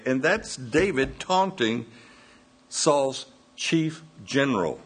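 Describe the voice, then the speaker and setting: A man preaching a sermon, slowly retelling a scripture story and voicing its quoted dialogue. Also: mid-range voice, sing-song, husky. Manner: slow, measured retelling with quoted dialogue and self-corrections.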